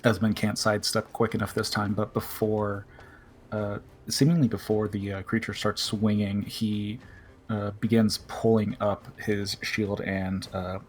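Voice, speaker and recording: A man playing a tabletop game, describing his character's action hesitantly with many pauses and filler sounds. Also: lowish voice, flat delivery, a little hiss or hum.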